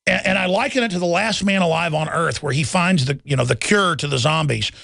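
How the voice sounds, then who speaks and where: A man rants through a radio talk monologue, rambling and combative, and slips into sneering impressions of his critics. His voice is heavily gravelly and a little high. The studio sound is dry and close. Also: a little fast, a bit bright, no room sound. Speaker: radio talk show host.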